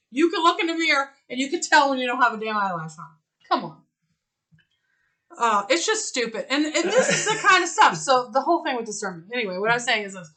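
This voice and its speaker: A woman with a high, bright voice co-hosts a casual talk show. She tells her stories in an animated way, acting out both people in them, and she swears freely. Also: rough recording. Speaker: co-host. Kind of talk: casual storytelling chat.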